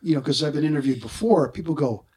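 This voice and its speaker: A man in his sixties, a guest in an interview, tells stories casually and with animation, acting out the voices he quotes. He talks fast in a husky voice on the high side.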